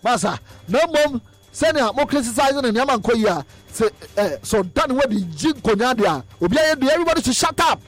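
A man presenting an animated football news roundup, excitable, repeating phrases in chanting bursts and mixing in English words. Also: very high-pitched, brisk, soft background music.

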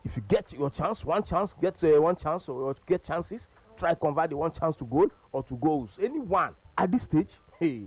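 A man's voice: on the high side, moderate pace, few pauses, husky, dry recording, soft background music. A man with a Nigerian accent hosting a radio sports call-in show, chatting casually in English and Pidgin with lots of fillers. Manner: relaxed, frequent hums and laughs. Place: radio studio.

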